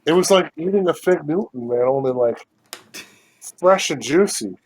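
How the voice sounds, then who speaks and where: A man's voice: fairly high pitch, expressive, normal speed, slight background noise. A man co-hosting a podcast, talking over a video call, laid-back, rambling and swearing casually. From United States. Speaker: podcast co-host. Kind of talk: casual chat.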